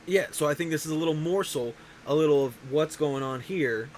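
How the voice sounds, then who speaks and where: A man's voice: fairly high pitch, a little fast, low-quality recording. Rambling man in a casual chat. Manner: rambling, self-interrupting. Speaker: show host.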